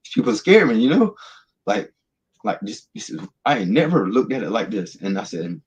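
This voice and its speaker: A man's voice: fairly low pitch, very animated, moderate pace, a little mellow, dull audio. A man, earnestly telling his personal testimony as a guest, rambling through the story with restarts.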